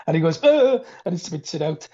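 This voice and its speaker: A man's voice: a little high, flat delivery, fast, mellow, husky. A man, a podcast guest chatting about a film and animatedly acting out its lines. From Wales. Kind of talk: casual film chat. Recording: dull lo-fi sound.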